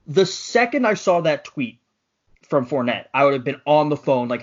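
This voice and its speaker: A man's voice: on the high side, sing-song, moderate pace. Petty joking man, muffled podcast audio. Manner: petty, joking, role-plays as a general manager. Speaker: podcast co-host. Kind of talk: casual sports podcast chat.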